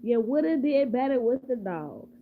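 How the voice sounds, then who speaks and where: A woman's voice: a little high, animated, normal speed, natural voice. A woman voicing a knowing raccoon who warns of danger. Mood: warning. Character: wise warning raccoon. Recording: tinny phone-like, faint hum.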